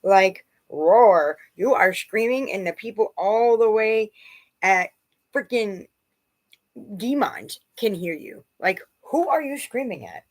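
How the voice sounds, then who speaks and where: A woman's voice: fairly high pitch, animated, a little slow, rough recording. A woman who is a mother, rambling and agitated as she tells a personal story in a vlog. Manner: rambling and agitated, quoting others.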